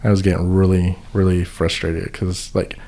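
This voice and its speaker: Rambling man telling a story, lowish voice. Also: flat delivery, normal speed, gravelly, warm tone. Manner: rambling, full of fillers and restarts. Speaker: volunteer event organizer. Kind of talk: casual storytelling.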